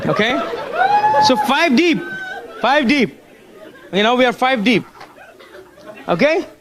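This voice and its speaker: A man's voice: very high voice, big pitch swings, takes it slowly, fairly bright tone, a faint crowd, slight background noise. A man giving a motivational seminar talk, telling stories and often asking the audience questions. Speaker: motivational speaker at a business seminar.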